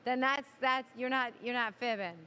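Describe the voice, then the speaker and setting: Bright chatty woman telling a family story. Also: on the high side, fairly even intonation, smooth. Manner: chatty, talks fast with asides. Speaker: co-host. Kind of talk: casual chat, storytelling.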